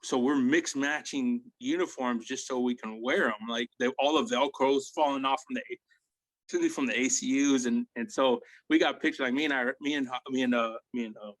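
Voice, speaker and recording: A man's voice: medium pitch, a little fast, no echo, rough recording. Rambling, blunt army veteran man. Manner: rambling, tag questions like "right?" and "you know?"; blunt, swears freely. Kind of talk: casual war storytelling.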